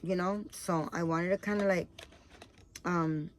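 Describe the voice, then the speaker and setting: A woman's voice: fairly low pitch, steady tone, measured pace, slight background noise. A woman chatting casually to camera, tired and rambling with lots of fillers as she shows off her purchases. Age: adult, has a daughter. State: tired, yawning. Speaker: vlogger showing baby doll items.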